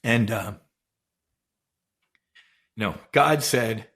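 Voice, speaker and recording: Speaking a little slowly, this intense middle-aged man, a guest who once flew as a naval aviator, recounts a personal story with real emotion in a casual conversation. He curses freely, has an ordinary mid-range pitch and a rough, casual edge, and voices the dialogue of the people involved.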